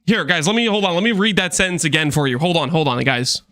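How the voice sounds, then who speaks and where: Bright, animated male game streamer. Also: on the high side. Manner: animated, teasing chat, quick asides. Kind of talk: livestream chat with viewers.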